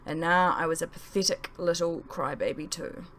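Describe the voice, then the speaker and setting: A woman's voice: fairly low pitch, moderate pace. Woman reading her own novel aloud. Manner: expressive first-person storytelling. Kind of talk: audiobook narration.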